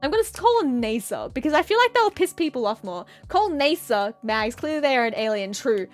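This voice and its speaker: Woman streamer, high and highly animated, giggly rambling live-stream chat. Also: fairly quick, soft background music. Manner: rambling, giggly, playful tangents. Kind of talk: casual live-stream chat while drawing.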